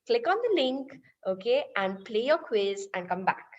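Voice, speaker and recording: An animated woman teacher tells a story to her online class, her fairly high voice rising and falling a great deal. She keeps speaking straight to the listeners, and the audio is dull and lo-fi. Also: unhurried. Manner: animated, addresses listeners directly.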